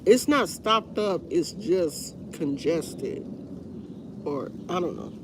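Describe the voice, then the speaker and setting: A woman's voice: on the low side, expressive, takes it slowly, background noise. A woman hosting a casual livestream, congested with a stuffy nose, rambling in a tired, fed-up way. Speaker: livestream host. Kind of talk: casual live chat with viewers.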